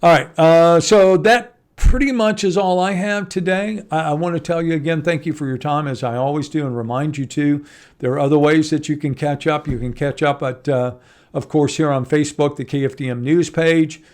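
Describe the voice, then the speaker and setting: A man, a morning TV news host giving a casual at-home news update, chatty and animated, with asides to viewers. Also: fairly high pitch, normal speed.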